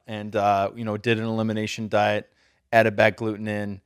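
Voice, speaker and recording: A man's voice: lowish voice, monotone, fairly quick, smooth, no echo, studio quality. A man hosting a podcast, chatting loosely and swearing casually while asking his guest questions. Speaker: podcast host.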